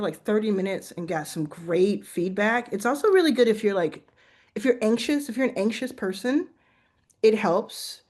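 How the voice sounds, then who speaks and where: A woman hosting a casual chat, talking in an animated way, full of restarts and "like". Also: mid-range voice. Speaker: host.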